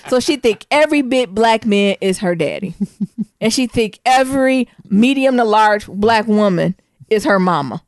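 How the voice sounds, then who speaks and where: Animated woman telling a funny story. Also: medium pitch, moderate pace, no echo. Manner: animated, laughing storyteller acting out voices. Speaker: podcast co-host. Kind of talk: casual storytelling chat.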